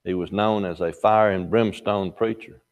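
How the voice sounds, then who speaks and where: A man's voice: low voice, fairly even intonation, normal speed, dull audio. An older man teaching a Sunday morning Bible class in a folksy, conversational way. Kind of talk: Sunday school lesson.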